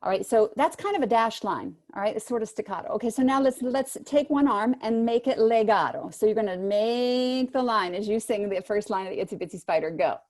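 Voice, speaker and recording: A woman voice teacher giving brisk, encouraging instructions to singers in an online workshop, heard over a video call microphone. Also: fairly high pitch, a little mellow. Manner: brisk, encouraging coaching with spoken demonstrations.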